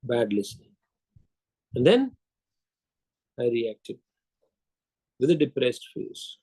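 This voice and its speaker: A man's voice: medium pitch, sing-song, slow, long pauses, mellow, husky, rough recording. An older man giving a sales lecture, telling anecdotes, acting out dialogue and quizzing his audience.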